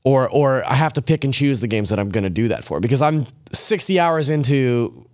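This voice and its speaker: A man on a gaming podcast panel, relaxed and wry, thinking aloud about his play time. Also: medium pitch, fairly quick. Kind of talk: casual gaming podcast chat.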